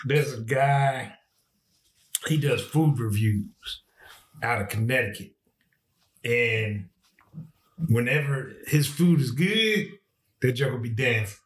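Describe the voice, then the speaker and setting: Slow-talking man in an echoey room. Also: medium pitch, lively intonation. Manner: slow, storytelling, acts out quotes. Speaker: podcast co-host. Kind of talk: casual chat.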